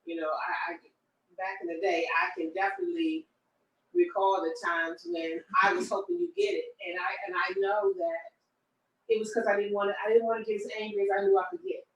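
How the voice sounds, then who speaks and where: A woman co-hosting a relationship discussion, talking in a reflective, halting way and often repeating words. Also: mid-range voice, big pitch swings, dull audio. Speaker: co-host. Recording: roomy echo from a distant mic.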